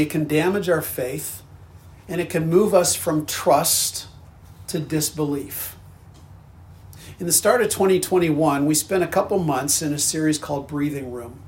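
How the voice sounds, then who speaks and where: A man preaching a sermon as pastor, talking in an earnest, conversational way with frequent restarts. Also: fairly high pitch.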